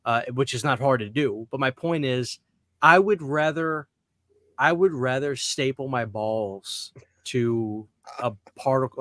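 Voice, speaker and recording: A man's voice: mid-range voice, a bit bright, dry recording. A man hosting a podcast in casual chat, ranting bluntly and emphatically with plenty of profanity. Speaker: podcast host.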